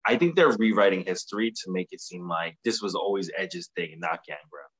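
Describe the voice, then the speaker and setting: A man recapping wrestling in casual podcast chat, profane and animated, acting out quotes. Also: low-pitched, a little fast. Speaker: podcast co-host.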